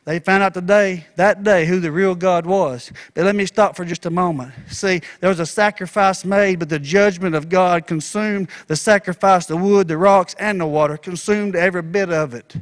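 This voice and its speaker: Folksy male preacher, high voice, animated storytelling. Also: moderate pace, hardly any pauses. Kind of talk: sermon.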